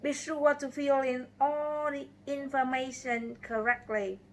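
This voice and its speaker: A woman's voice: high-pitched, steady tone, measured pace. A woman reading the lines of a strict female hospital nurse in a story, in a plain read-aloud delivery. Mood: firm.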